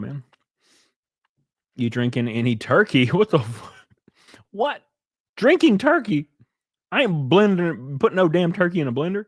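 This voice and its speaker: A man's voice: mid-range voice, no echo, studio quality. A man hosting a casual livestream, blunt and profane, rambling and reading chat donations aloud. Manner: reads and answers chat donations. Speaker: livestream host.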